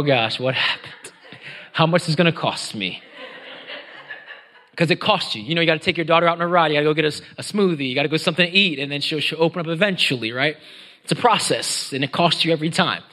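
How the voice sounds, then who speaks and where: A middle-aged male pastor delivers a sermon conversationally, dropping to whispers and groans to drive points home. His voice is on the high side and a bit bright.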